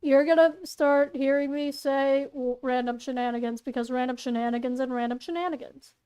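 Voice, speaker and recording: In her bedroom, a woman who reads fan fiction and does voice acting reads her own story aloud, rambling playfully, tossing in asides and correcting herself as she goes. Her voice sits high and is mellow, clear and resonant, with fairly even intonation at a slightly fast pace.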